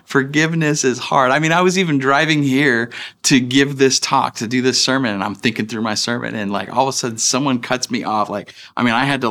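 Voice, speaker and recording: A man's voice: medium pitch, a bit bright. A man in his thirties preaching a sermon as pastor, in a casual, chatty way that acts out the people he quotes.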